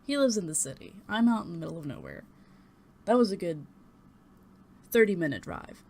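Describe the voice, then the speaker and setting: A woman's voice: on the low side, very animated, fairly quick, creaky, a little mellow. A young woman talking to her webcam at home, telling a personal story in a rambling, hesitant way, blunt and swearing at times. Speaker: vlogger. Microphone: desktop USB mic and webcam.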